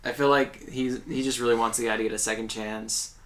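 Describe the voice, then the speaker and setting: A man's voice: mid-range voice, steady tone, fairly quick. A man co-hosting a podcast in casual chat, blunt and laughing often, swearing freely. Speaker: podcast co-host.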